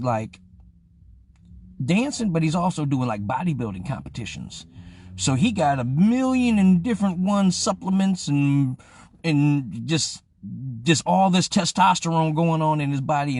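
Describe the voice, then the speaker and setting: Raspy-voiced young man hosting a live stream, animated storytelling, shouts out viewers, lots of cussing. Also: a little high, moderate pace, no room sound. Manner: profane, animated, acts out the voices; greets viewers mid-story. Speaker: host of a live-streamed show. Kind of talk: casual storytelling.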